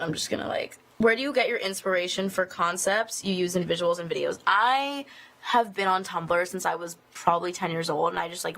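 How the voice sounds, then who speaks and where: A woman's voice: mid-range voice, fairly bright tone. A woman, a singer, answering fan questions in a casual live Q&A inside an office building, rambling and filling her talk with "like". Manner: chatty and rambling, full of "like" fillers. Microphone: phone streaming live video.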